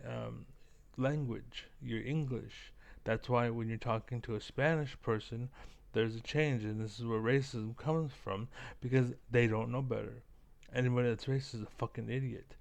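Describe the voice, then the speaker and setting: Guy with a gravelly voice ranting on his vlog, rambly and sweary, lots of likes. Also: medium pitch, steady tone, normal speed, a little mellow. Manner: rambling, profane, full of likes and fillers. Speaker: vlogger reacting to clips. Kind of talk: casual ranting commentary.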